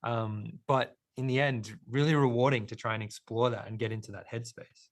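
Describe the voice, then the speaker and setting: A man's voice: medium pitch, fairly even intonation, moderate pace. A young adult man with an Australian accent, answering interview questions thoughtfully and earnestly as an actor guest.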